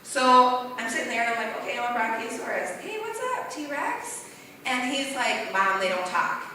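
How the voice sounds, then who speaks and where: A woman doing rambling, self-deprecating stand-up at an open mic night in a bar, with a voice she calls deep. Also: steady tone, fairly quick, bright, forceful tone, slight background noise. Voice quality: deep-sounding voice. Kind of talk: stand-up comedy. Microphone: stage mic in a bar. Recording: roomy hall, voice from far off.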